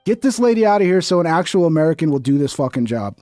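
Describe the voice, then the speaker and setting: A man's voice: fairly high pitch, big pitch swings, quick pace, mellow, no room sound, studio quality, soft background music. A man streaming casual commentary over a video, blunt and mocking, swearing often.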